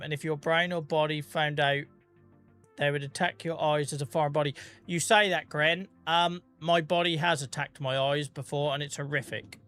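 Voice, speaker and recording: A man's voice: fairly high pitch, a bit bright. A British man chatting casually on a live gaming stream, joking, teasing his chat and swearing freely. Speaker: game streamer.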